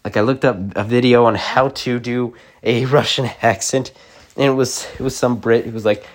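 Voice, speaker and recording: A man's voice: mid-range voice, fairly even intonation, normal speed. A young man rambling casually to camera, full of likes and restarts.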